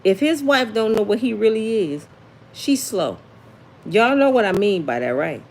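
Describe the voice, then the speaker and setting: A woman with a medium-pitched, lively voice talks at a moderate pace, with a slight hiss or hum audible. She is a sassy, chatty celebrity gossip livestream host who reads her viewers' comments out loud in casual chat.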